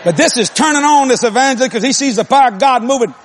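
A man's voice: very high voice, quick pace, noisy background. A man preaching a humorous sermon, telling a story in a blunt, folksy way, laughing often and mimicking voices and sounds.

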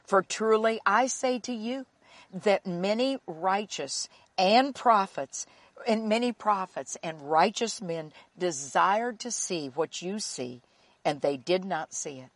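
Slow, earnest woman Bible teacher. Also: fairly low pitch, dry recording. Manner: earnest, slow and emphatic, repeating phrases. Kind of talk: sermon.

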